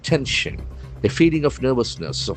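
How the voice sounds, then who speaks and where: A man with an Indian English accent teaching English vocabulary from the day's newspaper, spelling words letter by letter and repeating them slowly for practice. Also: medium pitch, sing-song. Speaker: English trainer. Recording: faint music behind.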